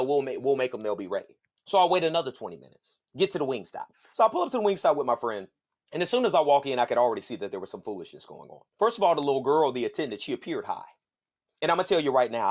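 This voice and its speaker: A man tells a rambling story on his podcast. His pitch swings all over the place, and he curses freely as he jumps between voices. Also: rapid-fire. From Southern United States. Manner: animated, profane, acts out other voices. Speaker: podcast host. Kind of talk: casual storytelling monologue.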